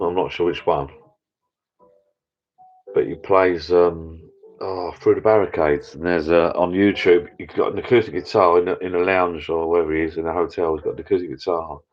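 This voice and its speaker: A man's voice: sits low, normal speed, pauses often, soft background music. A man rambling in a casual live chat with viewers from his home bar room. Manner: rambling, chatty, many restarts. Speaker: channel host. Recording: dull lo-fi sound.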